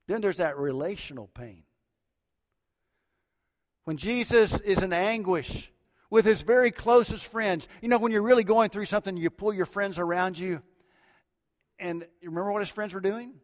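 A middle-aged man preaching a sermon as a pastor, swinging between loud emphatic lines and hushed low ones. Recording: long hall reverb.

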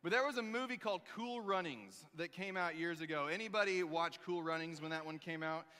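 A man preaching a sermon as a pastor, telling a story with animated emphasis and acting out the lines he quotes. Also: fairly high pitch, a little fast, long reverb tail.

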